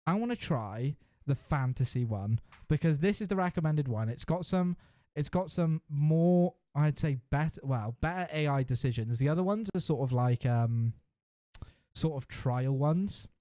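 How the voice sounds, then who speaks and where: A man's voice: fairly high pitch, lively intonation, moderate pace, dark tone, no echo, clean studio sound. A man hosting a casual podcast who reads a generated adventure story aloud, laughing and swearing freely as he goes. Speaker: podcast host.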